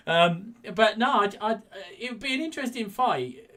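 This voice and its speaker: A man's voice: high voice, expressive, normal speed, a bit bright. A man co-hosting a casual boxing podcast, chatty and rambling, with lots of restarts. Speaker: podcast co-host.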